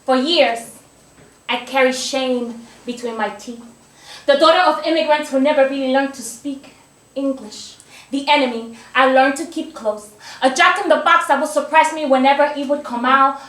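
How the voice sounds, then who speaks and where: High, bright spoken-word poet with Spanish accent. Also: female voice, normal speed, recorded from a distance. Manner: rhythmic, declamatory delivery. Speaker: competing poet. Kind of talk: spoken-word poetry performance. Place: museum event space with live audience. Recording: echoey room picked up from afar.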